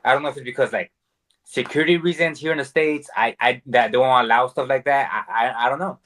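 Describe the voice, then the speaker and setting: A man's voice: medium pitch, quick pace, a bit bright. A man who is a guest on a casual podcast, talking in a laid-back, profane, rambling way. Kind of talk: casual chat.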